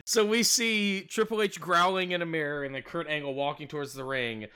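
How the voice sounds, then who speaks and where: A man's voice: fairly high pitch, steady tone, fairly quick, a loud crowd. A man hosting a casual podcast, recapping events with loose swearing and laughs. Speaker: podcast host recapping a wrestling show. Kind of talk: casual chat with recap narration.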